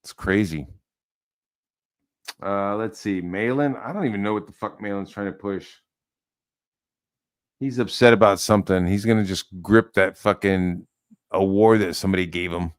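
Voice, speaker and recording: Heated, swearing man with a smooth voice. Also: lowish voice, moderate pace, pauses often. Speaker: online commentator. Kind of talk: profane rant commentary.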